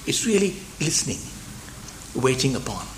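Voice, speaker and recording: An older man giving a reflective spiritual lecture, halting and repeating words, sometimes dropping to near whispers. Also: mid-range voice, big pitch swings, noisy background. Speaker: speaker. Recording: roomy hall sound.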